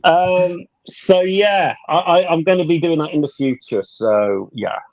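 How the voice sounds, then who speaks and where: A man's voice: a little high, a little slow. Sweary Midlands Englishman on a dull mic. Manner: swears freely, self-deprecating. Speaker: guest. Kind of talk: casual podcast chat.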